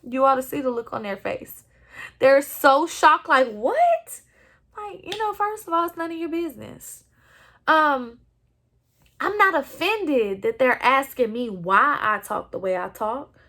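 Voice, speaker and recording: A woman with a Texan accent talks alone on her podcast. Her voice sits high and her pace is slow and deliberate. She speaks with earnest, impassioned conviction. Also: fairly bright tone. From Southeast Texas. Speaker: podcast host. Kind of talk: solo podcast monologue. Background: no other speakers or sounds.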